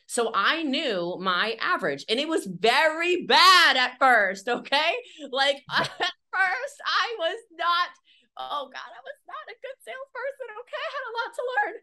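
This is a woman entrepreneur giving a lively, candid interview about sales. Her voice is bright and a bit sharp. She talks with emphatic energy, sprinkling in fillers and quick acted-out scenes. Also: high-pitched. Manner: energetic, chatty, emphatic, acts out little scenes with fillers like "like" and "okay".

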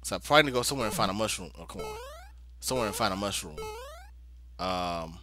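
A man's voice: lowish voice, lively intonation, quick pace. A young man giving casual commentary while playing a video game, talking to himself in exasperated mutters. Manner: talkative, exasperated muttering, playful drawl. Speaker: let's play gamer. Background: game music.

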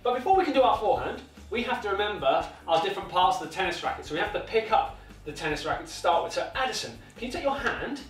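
High-voiced British man coaching toddler tennis. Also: sing-song, quick pace. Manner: encouraging, sing-song, repetitive instructions. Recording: echoey room, mic at a distance, faint music.

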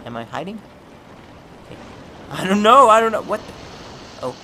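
A man giving excitable gameplay commentary, yelping, swearing and laughing. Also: high-pitched, normal speed, slight background noise. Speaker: gamer. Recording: game music behind the voice. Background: game music.

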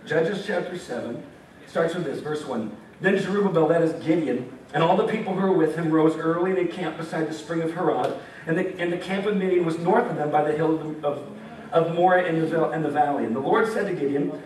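A young man preaching casually in a high, lively voice, joking and acting out the characters as he reads scripture. He sounds far from the mic in a very echoey hall, with faint background noise. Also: a little fast. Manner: animated, jokey, acts out voices of God and Gideon. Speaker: campus ministry speaker. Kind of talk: casual sermon with scripture reading. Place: meeting hall.

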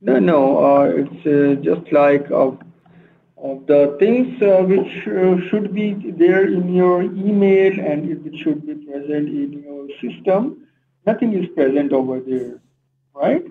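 A man's voice: on the high side, slow pace, vocal fry. A man on a phone call posing as a support worker, hesitant and full of fillers. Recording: tinny phone line with faint noise.

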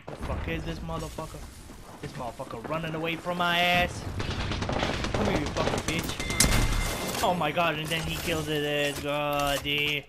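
A man's voice: on the high side, steady tone, a little slow, crowd noise. A man giving profane, raging commentary while playing a shooter game. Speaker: gaming video creator. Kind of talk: live gameplay commentary. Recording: loud game gunfire over voice.

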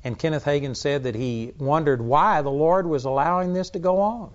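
A man's voice: on the high side, normal speed, dull audio. Blunt, emphatic male Bible teacher. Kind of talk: teaching sermon.

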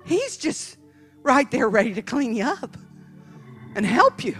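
A woman evangelist preaching through a personal story, with a high, bright voice that rises and falls widely. She drops to a hush, then breaks into emphatic shouts. Soft music plays faintly behind her. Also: very animated, measured pace, slightly rough. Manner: dramatic, emphatic, bursts into shouting. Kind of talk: storytelling sermon.

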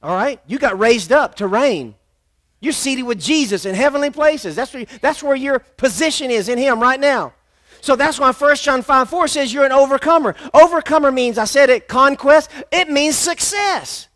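A man's voice: very high-pitched, lively intonation, normal speed, fairly bright tone. A man preaching a sermon as pastor in a church, emphatic and repetitive, calling on the congregation to answer back.

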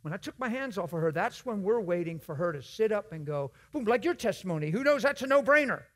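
A man giving a sermon in a church, swinging from hushed whispers to loud shouted emphasis and acting out conversations in other voices. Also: sits high, animated, fast talker. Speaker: guest preacher.

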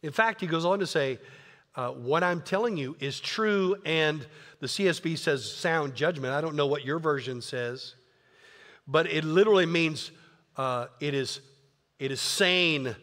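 A man's voice: on the high side, pushed and bright, long reverb tail. A man pastor preaching a sermon in an earnest, conversational way, often repeating words. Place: church sanctuary.

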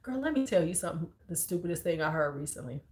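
A woman in her forties with a Chicago accent, chatting casually about her school days. Her voice sits a little low, and she talks bluntly and with plenty of cursing. She stays lively as she acts out the people in her stories. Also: quick pace. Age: 40s. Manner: animated, blunt and profane, acts out quotes in a high squeal. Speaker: high school teacher and beauty vlogger. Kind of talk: casual storytelling chat.

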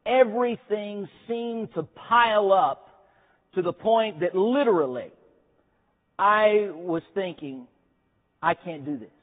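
A man preaching a chapel sermon in a folksy, self-deprecating way, with lots of hesitant fillers. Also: high-pitched. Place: seminary chapel. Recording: tinny phone-like band.

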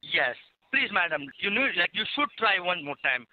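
A man's voice: high-pitched, big pitch swings, moderate pace. Pleading man on a tinny phone line. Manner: pleading, repeats "madam" a lot. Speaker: scam caller. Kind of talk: phone call.

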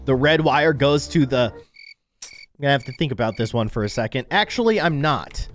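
A young man narrates his gameplay with a lively voice that rises and falls a lot, joking and getting flustered. Faint game music sits behind him. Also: medium pitch, moderate pace. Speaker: gaming video host. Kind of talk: let's play commentary.

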